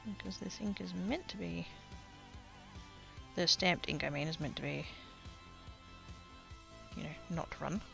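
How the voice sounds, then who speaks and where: An Australian woman chatting casually on a livestream while she crafts, rambling and often trailing off into quiet asides. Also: on the low side, a little slow, gravelly, long pauses, music in the background. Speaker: streamer.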